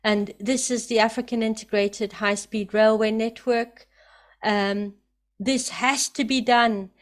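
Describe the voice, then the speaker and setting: A woman giving emphatic, excited spoken commentary, often repeating herself for emphasis. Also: fairly high pitch, slow pace. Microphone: computer mic, camera off.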